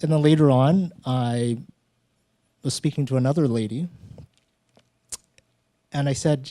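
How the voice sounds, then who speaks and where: A man hosting a live storytelling event on stage, talking in a relaxed, conversational way and acting out little exchanges from his own stories. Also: medium pitch, unhurried, long pauses, dry recording, studio quality. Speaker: host of a live storytelling show.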